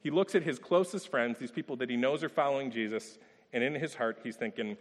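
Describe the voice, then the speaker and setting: A man preaching a sermon in a relaxed, conversational way, telling personal stories and asking rhetorical questions. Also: medium pitch, fairly quick, long reverb tail. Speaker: pastor.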